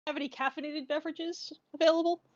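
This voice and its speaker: A woman's voice: high voice, steady tone, fast talker, dry recording. A woman player in a tabletop role-play, giggly and hesitant, recorded on a dull, dry mic.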